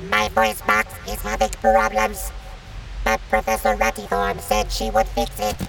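A woman voicing a gloating monster villain whose broken voice box makes him sound like a squeaky little robot. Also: level tone, measured pace, creaky. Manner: gloating, menacing, cackling. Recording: distant mic with music behind.

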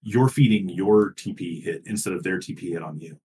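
Low-voiced man explaining game mechanics. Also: fairly quick, crowd noise. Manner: explanatory, many ums and likes, laughs easily. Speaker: podcast co-host. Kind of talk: casual gaming podcast chat.

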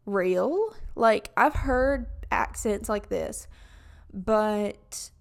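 Speaking to camera extremely slowly, this young vlogger from Alabama has a Southern US accent, medium pitch, lively intonation, and vocal fry. She rambles casually, often restarting and using "like" as filler.

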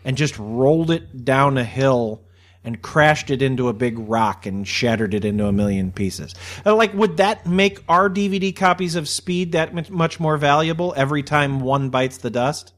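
A man's voice: mid-range voice, steady tone, moderate pace. A man co-hosting a casual podcast chat, rambling animatedly and swearing freely. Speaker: podcast co-host.

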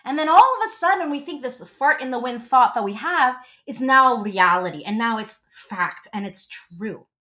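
A woman in her forties, a relationship coach, talking as a guest in a casual interview and telling stories with gushing, animated energy. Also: a little high, moderate pace, hardly any pauses.

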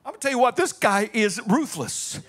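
A male pastor delivering a sermon. His preaching is dramatic, swinging between shouted peaks and low, quiet passages, and he tells the story in a folksy, playful way with calls to the congregation. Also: sing-song, fairly quick.

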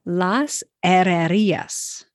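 A woman's voice: fairly low pitch, takes it slowly, no echo, studio quality. A woman who is a native English speaker hosting a podcast language lesson, upbeat and self-deprecating as she prompts each word. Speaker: podcast host.

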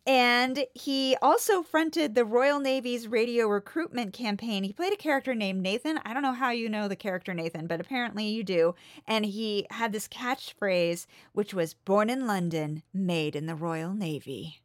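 A woman's voice: on the high side, normal speed, hardly any pauses, dry recording, studio quality. An American woman co-hosting a podcast in casual chat, reeling off details with easy laughs. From United States. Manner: chatty, laughing, piles up details. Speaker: podcast co-host.

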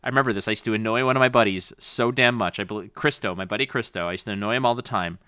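A man co-hosting a podcast, chatting casually and acting out quotes in animated stories. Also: lowish voice, racing, clear, resonant tone, no room sound, studio quality. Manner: animated storytelling, acts out quotes. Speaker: podcast co-host. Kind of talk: casual chat.

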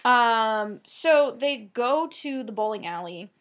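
A woman's voice: a little high, lively intonation, fairly bright tone. Chatty woman recapping a show. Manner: chatty, retells scenes with quick quoted lines. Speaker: podcast co-host. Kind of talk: casual chat recapping a TV episode.

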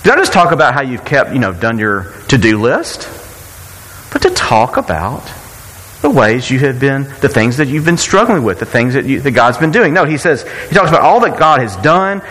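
Animated pastor preaching in a hall. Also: male voice, mid-range voice, normal speed. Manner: conversational, repeats words, asks rhetorical questions. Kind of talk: sermon.

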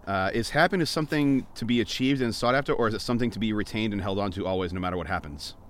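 A man hosting a podcast from a car, asking survey questions in a dry, deadpan way. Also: on the low side, very fast, slight background noise. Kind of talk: casual chat, asking questions.

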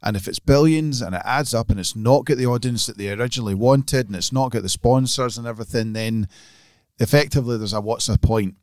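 A man in casual podcast chat about golf, excitable and full of restarts. His voice sits at an ordinary middle pitch. The room sound is very dry and close. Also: fairly quick, no echo. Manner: excitable, talks in restarts and repeats. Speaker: podcast co-host.

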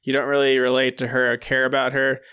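Smooth, even-toned man discussing a film. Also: mid-range voice, fast.

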